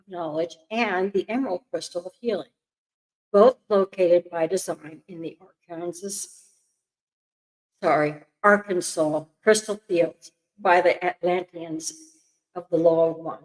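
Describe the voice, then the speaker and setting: An older woman with a lowish voice reads a text aloud over a call on a rough recording. She stumbles over words, coughs, apologizes, and keeps breaking off into chatty asides in this casual mix of reading and conversation.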